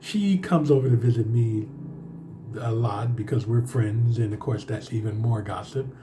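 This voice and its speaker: A man vlogger telling a personal story in a casual, rambling way, with many fillers and pauses. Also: mid-range voice, background noise.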